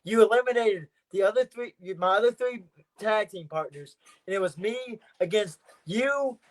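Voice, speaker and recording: High-voiced boastful wrestler man. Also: moderate pace. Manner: boastful trash talk, repeats his points. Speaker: professional wrestler, podcast guest. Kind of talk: casual podcast interview.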